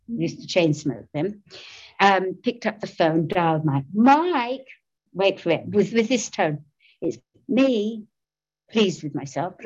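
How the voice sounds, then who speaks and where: A woman's voice: mid-range voice, slightly rough, muffled recording. A middle-aged woman giving a personal recovery testimony, candid and self-mocking, laughing often as she talks. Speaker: speaker sharing recovery story.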